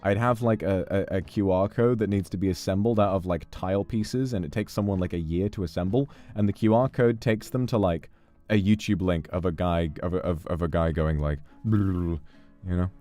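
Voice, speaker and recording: A man's voice: sits low, brisk, few pauses, dark tone, soft background music. A man with a British accent, giving playful, theatrical live commentary on a game and talking to his chat. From Britain. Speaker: streamer.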